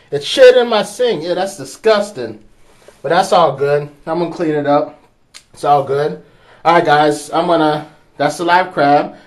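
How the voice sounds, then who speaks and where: A young man vlogging casually from his kitchen sink, excitable and profane, talking to his dog and the camera. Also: on the high side, measured pace. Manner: excitable, profane, talks to a pet. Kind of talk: casual handheld vlog.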